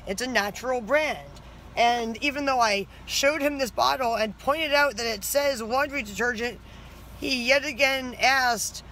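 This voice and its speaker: A high-pitched woman talks at normal speed, her tone bright and forceful, with a faint hiss or hum on the recording. Standing outside her house for a casual vlog, she narrates her day chattily and with exasperation, leaning heavily on "like."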